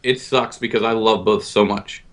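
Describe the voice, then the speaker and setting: A man's voice: lowish voice, steady tone, normal speed. Rambling self-mocking podcast guy. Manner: self-deprecating, rambling, stammers and restarts. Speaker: guest co-host. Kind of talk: casual podcast chat.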